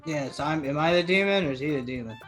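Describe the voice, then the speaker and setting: Male player, high voice, cocky trash talk, music behind. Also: fast talker, fairly bright tone. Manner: cocky, laughing, profane. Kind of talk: casual tabletop chat.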